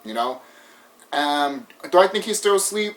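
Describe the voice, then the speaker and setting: Man, fairly high voice, loose rambling wrap-up to a gaming video, lots of ums. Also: expressive, measured pace, a little hiss or hum, low-quality recording. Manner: rambling, hesitant, many fillers and restarts. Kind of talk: casual video outro talk.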